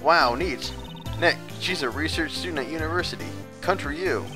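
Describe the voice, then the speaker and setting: A man's voice: on the high side, normal speed, pitched above the performer's own voice, close to an everyday voice. A man voicing a chirpy, meek young female sidekick, over game music.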